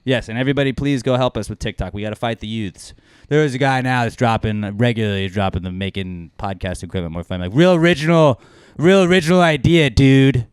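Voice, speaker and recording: Profane, animated podcast host man. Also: mid-range voice, fairly quick, smooth, no room sound. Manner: profane, animated, swings loud when acting out insults. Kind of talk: casual podcast banter.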